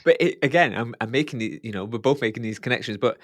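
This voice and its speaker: Guy hosting a podcast, middle pitch, dry close sound, kinda rambles and restarts his questions. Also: quick pace, no room sound. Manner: rambling, self-correcting questions. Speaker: podcast host. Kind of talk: casual podcast interview.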